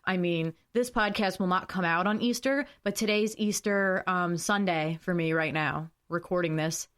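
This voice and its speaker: A woman's voice: on the low side, normal speed, a bit bright, smooth. A young woman hosting a solo podcast, talking earnestly and emotionally, rambling with fillers and sometimes reading notes aloud. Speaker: podcast host.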